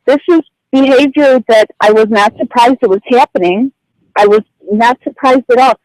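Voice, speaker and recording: A woman's voice: on the high side, moderate pace, darkish tone, no echo, rough recording. A woman calling in by phone to a radio show, telling what happened to her in a flustered, rambling way with many fillers. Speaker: caller. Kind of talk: telling a personal story on air. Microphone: phone call.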